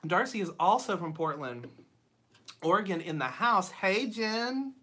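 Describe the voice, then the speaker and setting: A woman's voice: on the high side, expressive, moderate pace. A woman hosting a livestream from her home studio, greeting viewers by name in a chatty way with lots of ums. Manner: chatty, reads viewer comments aloud; frequent ums and bright laughs. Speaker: channel host. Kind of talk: casual livestream chat.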